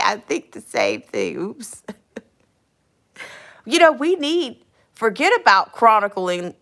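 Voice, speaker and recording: A woman's voice: mid-range voice, fairly bright tone. A woman in her fifties hosting a casual live stream, reading viewer comments aloud, chuckling often and repeating phrases for emphasis. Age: 50s.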